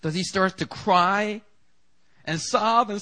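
A man gives a sermon with a bright, forceful tone and a voice pitched a little high for a man. He talks to the congregation casually, with asides and questions. When he quotes the story's people, his voice leaps up sharply. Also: takes it slowly. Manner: conversational preaching, acts out quoted lines with big jumps in pitch. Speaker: pastor.

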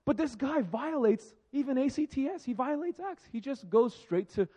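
A man's voice: very high-pitched, animated, moderate pace, mellow, slightly rough. A man preaching a conversational sermon, laughing often and acting out the voices he quotes. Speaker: pastor.

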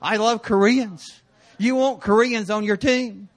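High-voiced, slow-talking man preaching. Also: steady tone. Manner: storytelling, acts out voices with bursts of shouting. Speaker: pastor. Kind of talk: sermon.

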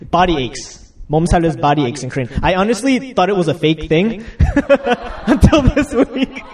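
Young male pastor, chatty and laughing, slightly high voice, recorded from a distance. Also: lively intonation, normal speed, a little mellow. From United States. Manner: chatty, laughing asides, acts out quotes. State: getting over a cold. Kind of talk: casual sermon.

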